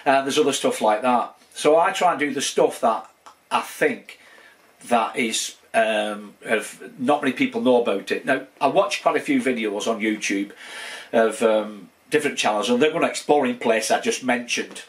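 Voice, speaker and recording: A man in his sixties speaks in a thick Wigan accent from northwest England. He talks casually and loosely, with lots of "um"s, restarts and asides, at a medium pitch. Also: normal speed. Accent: Wigan, northern English. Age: 60s. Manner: rambling, with many fillers and restarts. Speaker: channel host. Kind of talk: casual channel update.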